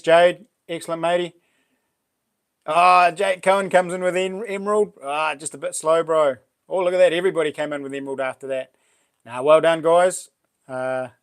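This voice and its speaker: A middle-aged man with a New Zealand accent hosting a casual live stream, greeting viewers by name in a chatty way. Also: fairly high pitch. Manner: chatty, reads out viewer names and greets them warmly. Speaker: livestream host.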